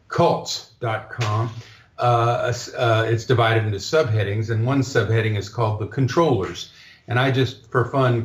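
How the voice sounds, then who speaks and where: A man with a low voice talks as a guest, halting and filling gaps with ums and restarts. His sound is roomy and echoey. It comes through a dull, lo-fi line. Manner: halting, many fillers and restarts. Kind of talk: casual interview talk.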